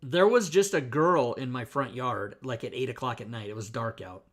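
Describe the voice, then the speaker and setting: A man hosting a casual livestream, telling a story in an animated, profane way with frequent laughter. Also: medium pitch, moderate pace. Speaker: host.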